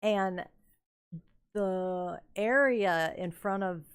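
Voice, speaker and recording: An older woman streaming a building game, telling rambling, unhurried stories about her youth with plenty of fillers and chuckles. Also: mid-range voice, smooth. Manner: rambling, unhurried anecdotes with frequent fillers and laughs. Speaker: gaming streamer. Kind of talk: casual storytelling while building in a game.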